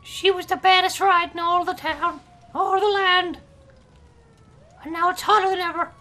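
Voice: very high voice, flat delivery, moderate pace, sharp tone. A video game player voicing Mister Hazmat, a giddy, volatile man in a hazmat suit, talking about himself in the third person with erratic swings between glee and rage. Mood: goofy. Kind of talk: comedic role-play over online gameplay.

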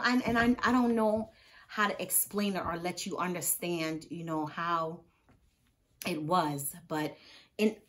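A woman, a nurse, telling a personal story in a casual storytime vlog, earnest and heartfelt, acting out what others said. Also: lowish voice. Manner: lively storyteller who acts out others' words. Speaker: vlogger.

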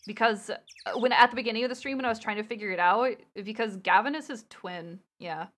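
A young woman streamer chatting casually over a game she is playing, animated and quick to laugh. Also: fairly high pitch.

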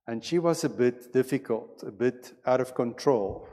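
A man preaching a sermon as pastor, with a measured and deliberate delivery in a church sanctuary. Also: mid-range voice, dark tone. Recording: long reverb of a church hall.

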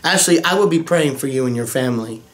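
A young man, a voice impressionist, excitedly reading fan mail in a casual way. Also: mid-range voice, quick pace. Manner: excitable, animated, swings to emotional. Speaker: voice impressionist YouTuber. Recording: music bed underneath.

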